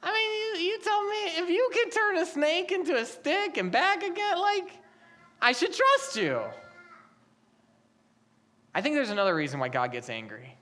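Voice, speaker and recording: A woman's voice: very high voice, very animated, brisk, hardly any pauses, fairly bright tone. A young adult woman preaching a sermon as a pastor, asking the congregation a stream of rhetorical questions.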